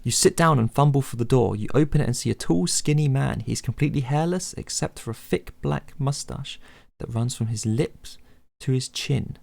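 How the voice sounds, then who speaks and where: A man's voice: mid-range voice, normal speed, gravelly, darkish tone, dry recording. A man hosting a podcast stream, reading out a text adventure game and coaxing his friend to choose actions. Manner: reads aloud, prompting and coaxing. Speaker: podcast host and game narrator.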